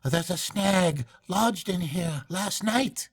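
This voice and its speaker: Grandfather voicing an excitable young wanderer, high-pitched. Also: husky, heavily acted. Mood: eager calling. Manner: gushing, rapid mood swings. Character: cheerful excitable young man in patched clothes.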